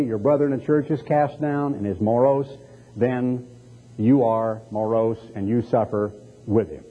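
A man preaching a sermon, reading scripture slowly and stressing his points with emphatic swings. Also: medium pitch, slightly rough. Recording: tinny, phone-like narrow sound.

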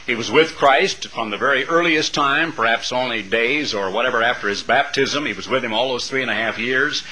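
A man's voice: medium pitch, fairly quick, pushed and bright, poor audio. A middle-aged man preaching a sermon to a congregation, building dramatic, rhythmic lists of phrases. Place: church sanctuary before a congregation.

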